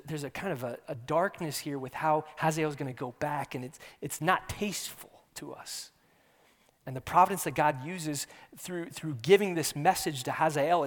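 A man preaching an earnest sermon, repeating his words and shifting between hushed near-whispers and loud emphasis. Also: mid-range voice. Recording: long hall reverb.

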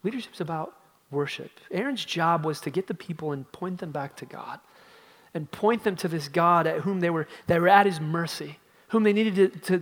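A man preaching a sermon as a pastor, emphatic and dramatic, with his voice swinging from loud outbursts to hushed low passages. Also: in a large hall.

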